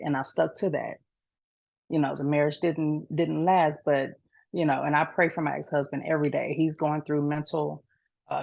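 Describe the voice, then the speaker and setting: A young woman, an author, telling her personal story in an earnest, faith-filled way, halting and restarting as she speaks. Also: sits low, vocal fry, a little mellow, no room sound. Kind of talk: emotional personal testimony.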